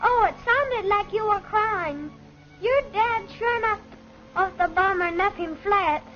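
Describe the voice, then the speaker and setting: A kindly, soothing woman in an old film. Her voice is very high, with faint music behind on a muffled lo-fi soundtrack. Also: a little slow. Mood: gentle. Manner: gentle, soothing. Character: kindly woman comforting a boy. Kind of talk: 1940s film acting. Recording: dull lo-fi 1940s film soundtrack.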